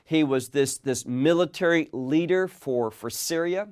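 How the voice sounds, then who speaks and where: Male Bible teacher, slightly high voice, earnest and unhurried, talks listeners through scripture verse by verse. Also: a little mellow, clear, resonant tone. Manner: earnest, repeats words while building a point; asks the listeners reflective questions.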